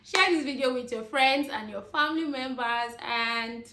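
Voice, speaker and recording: A woman's voice: sits high, normal speed, sharp tone, reverberant. Chatty woman ranting to camera. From Nigeria. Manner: chatty, laughing asides, addresses viewers as guys. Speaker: vlogger. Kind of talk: casual rant to camera.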